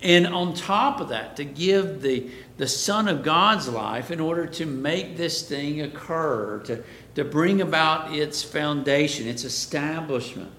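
Man, preacher, Bible class sermon, slow, asks questions and answers them, echoey room. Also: fairly bright tone. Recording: echoey room, faint background rumble.

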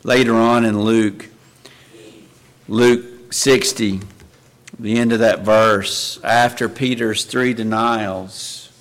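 A man's voice: lowish voice, fairly even intonation, slow pace. A man preaching a sermon in an earnest way, often asking his listeners rhetorical questions.

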